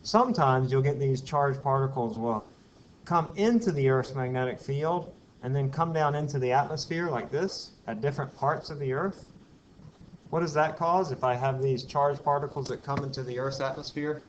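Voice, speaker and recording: A man's voice: medium pitch, normal speed. Man lecturing a physics class. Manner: explains step by step, asks the class questions and tells asides. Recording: dull lo-fi classroom recording with faint hiss.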